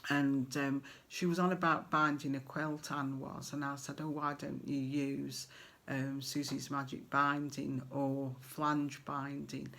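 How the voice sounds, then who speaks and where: A woman's voice: rumbling low, level tone, takes it slowly, vocal fry, fairly bright tone. A middle-aged English woman chatting casually to her viewers as a crafting vlogger, rambling with fillers and friendly asides.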